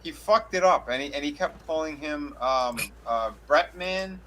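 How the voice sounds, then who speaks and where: A man on a podcast, telling stories in an animated, profane, joking way. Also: on the high side, moderate pace, slight background noise. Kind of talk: casual chat.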